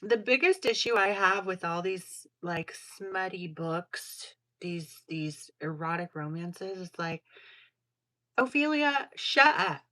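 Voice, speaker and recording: A woman's voice: lowish voice, fairly even intonation, slow, few pauses, bright, forceful tone, no echo. A woman hosting a casual livestream, chatting in a sassy, slangy way while crafting jewelry. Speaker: livestream host.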